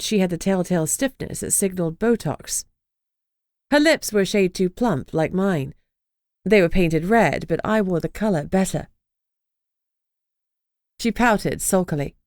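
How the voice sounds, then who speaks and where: A woman's voice: lowish voice, a little mellow, no echo. A woman narrating a first-person fantasy audiobook with a dry, wry delivery.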